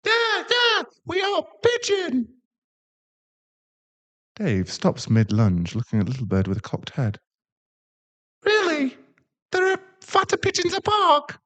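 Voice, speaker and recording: A man voicing an excitable young were-dog man, a golden lab, eager and childlike, in an audio role-play. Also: extremely high pitch, takes it slowly, long pauses, pitched above the performer's own voice, heavily acted.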